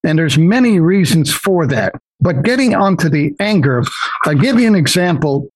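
An older man telling personal stories as a guest in an interview, animated and often acting out the voices of others. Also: a little high, moderate pace, slightly rough, dry recording, rough recording. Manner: animated, acts out quoted voices, many restarts. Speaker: guest investor. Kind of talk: personal storytelling in a podcast interview.

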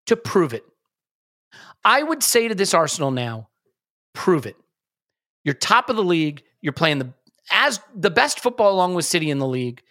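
Man, podcast host, bright clear tone, emphatic, repeats phrases for effect. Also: fairly high pitch. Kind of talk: casual sports podcast chat.

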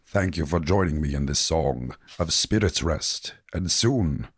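A man voicing a huge, jovial male hearth spirit in a tabletop game, speaking in a grand, slow, welcoming way. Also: rumbling low, animated, husky, no room sound, studio quality, pitched below the performer's own voice, full character voice. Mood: solemn. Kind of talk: tabletop role-play voice.

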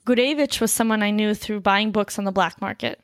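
A woman reading a translated story aloud at a steady pace, breaking off now and then to chat casually. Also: mid-range voice, brisk, no echo, clean studio sound. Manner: reads steadily, then chats loosely with fillers and laughs. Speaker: reader of a story.

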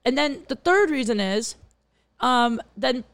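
A woman's voice: sits high, lively intonation, unhurried, clean tone. Chatty woman telling a dating story. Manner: chatty storyteller, trails off and restarts. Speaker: podcast host. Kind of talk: casual chat. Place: outdoors in bright sun.

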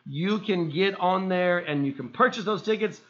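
A man co-hosting a casual sports podcast, telling stories animatedly and getting loud and high when excited. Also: moderate pace. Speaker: podcast co-host. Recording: muffled lo-fi sound.

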